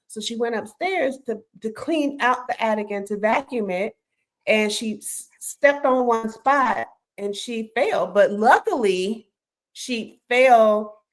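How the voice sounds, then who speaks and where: A woman co-hosting a casual chat, telling a family story in an animated, playful way. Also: a little high.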